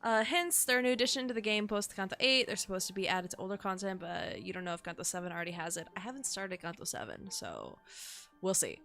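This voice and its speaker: Young woman game streamer, bright voice, excitable and chatty, swears a lot, faint game music under her. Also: medium pitch, quick pace. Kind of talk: casual live-stream commentary.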